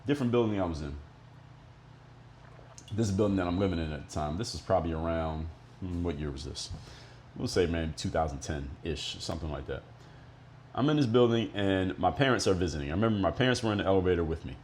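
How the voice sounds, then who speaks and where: A man's voice: deep voice, lively intonation, fast, a little mellow, slight background noise. A middle-aged man from Miami talking solo as a podcast host, telling stories bluntly, with some swearing. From Miami, United States. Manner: blunt, profane, explanatory. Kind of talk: monologue storytelling.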